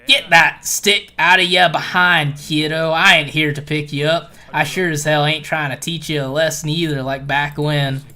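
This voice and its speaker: A streamer voicing a boisterous, booming male swordsman with a put-on Texan drawl, loud and brash with folksy cussing, reading game dialogue aloud. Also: fairly even intonation, normal speed, hardly any pauses, natural voice. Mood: taunting.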